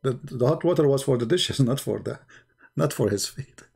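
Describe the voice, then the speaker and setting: A man's voice: mid-range voice, expressive, moderate pace, vocal fry, darkish tone, slightly rough. A man hosting a live call-in debate show, talking in a blunt, mocking way with loose grammar.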